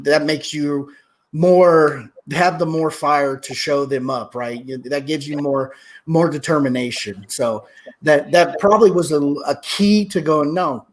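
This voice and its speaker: A man's voice: a little high, a little slow, rough recording. A man hosting an interview, chatting in an encouraging, reflective way. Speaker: host. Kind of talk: interview chat.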